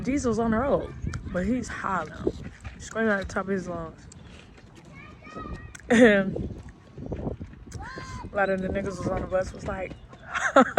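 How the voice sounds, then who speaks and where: A woman's voice: mid-range voice, noisy background. A woman from Alabama, telling a story in a vlog in a laid-back, slangy, chatty way. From Alabama, US South. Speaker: vlogger.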